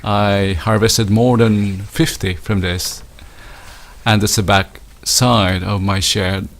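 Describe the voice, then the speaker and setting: Walking outside through his winter garden, a man from the Philippines gives a relaxed tour, unhurried and halting, with frequent fillers and restarts. He speaks lowish in an even tone, with a creaky quality.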